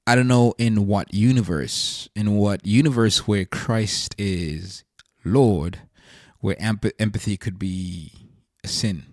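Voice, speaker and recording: Earnest man, low voice. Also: slow pace, no echo, clean studio sound. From South Africa. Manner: earnest, searching, thinks aloud. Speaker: podcast host. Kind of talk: reflective faith monologue.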